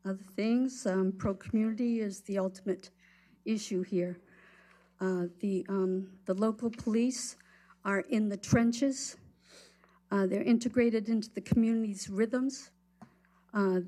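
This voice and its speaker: Halting woman with a mellow voice. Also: mid-range voice. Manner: halting, many restarts and fillers. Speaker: public commenter. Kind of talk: public comment at a county meeting.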